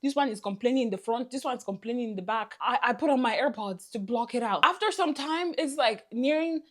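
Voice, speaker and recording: A woman whose first language is not English, telling an exasperated, animated storytime vlog into her phone camera. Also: fairly high pitch, fairly quick. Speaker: vlogger.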